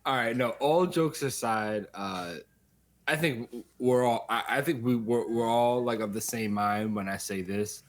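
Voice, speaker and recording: A man co-hosting a podcast in casual banter, joking and swearing while giving his take. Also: mid-range voice. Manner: joking, profane, talks in quick asides. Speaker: podcast co-host.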